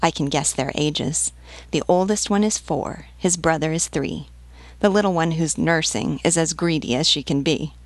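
A woman's voice: sits low, normal speed, no room sound. Woman reading as a chatty bold canteen lady, friendly, talks a lot, dry close sound. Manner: talkative, friendly, outspoken.

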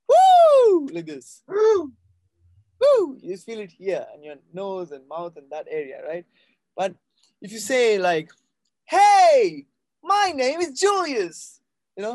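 A man's voice: on the high side, a little mellow, no echo. A man teaching a live voice class, explaining patiently and often checking in with his students. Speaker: voice coach.

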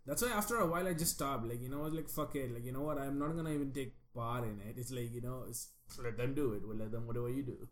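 A man co-hosting a casual podcast, swearing often and flatly refusing to do accents. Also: medium pitch, fast, few pauses, echoey room. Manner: profane, protesting, deadpan. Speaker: podcast co-host. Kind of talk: casual banter. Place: Austin.

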